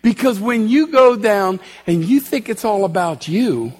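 Animated preacher man in a reverberant church. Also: high-pitched, unhurried. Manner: animated, acts out both sides of dialogue. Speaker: street preacher. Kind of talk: storytelling sermon.

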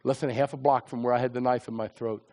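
A man's voice: medium pitch, fairly even intonation, quick pace, darkish tone. A middle-aged man preaching his personal testimony, emphatic and repetitive as he tells his story.

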